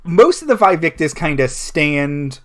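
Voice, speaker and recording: A man's voice: a little high, big pitch swings, a little slow. A man narrates a tabletop role-playing game as its game master. His delivery is loose and chatty, and he breaks into laughter often as he describes the scene.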